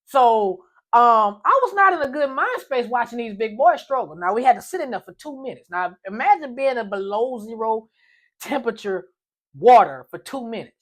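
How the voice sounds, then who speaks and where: A man telling a comic personal story in a story time vlog, animated and playful. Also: extremely high pitch, moderate pace.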